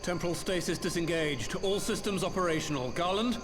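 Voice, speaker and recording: An actor playing a confident male engineer in a game cutscene, measured and self-assured. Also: high voice, over music, lightly acted. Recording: noisy game audio.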